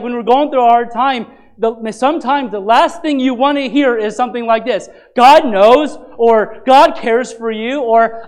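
A man's voice: very high voice, rough recording. Earnest male pastor preaching. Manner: earnest, conversational preaching with rhetorical questions. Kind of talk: sermon. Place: church.

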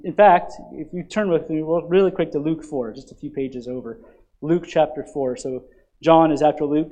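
A male pastor delivers a sermon, moving between loud, forceful stretches and soft, low ones while prompting the congregation to supply missing words.

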